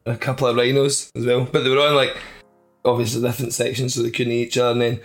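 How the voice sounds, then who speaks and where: A man's voice: mid-range voice, level tone, fast talker, soft background music. A man co-hosting a podcast, rambling through a story in casual chat. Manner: rambling, laid-back storytelling. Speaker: podcast co-host.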